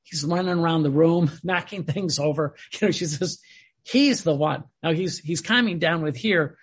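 A man reading aloud and commenting on a spiritual text, telling stories in a digressive, animated way. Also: fairly high pitch, moderate pace, slightly rough. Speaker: religious teacher.

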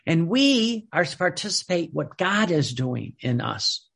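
A male preacher with a gravelly, husky voice pitched a little high. He preaches emphatically, repeating phrases and restarting sentences as he builds his point. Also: sing-song, a little slow, fairly bright tone. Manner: repetitive, emphatic, with many restarts. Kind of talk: sermon.

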